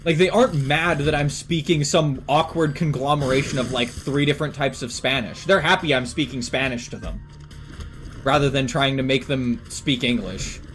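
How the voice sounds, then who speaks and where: A man's voice: medium pitch, moderate pace, fairly bright tone, slight background noise. A young man from Canada chatting casually on a stream, rambling with lots of fillers and swearing. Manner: rambling, filler-heavy and profane. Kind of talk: casual chat.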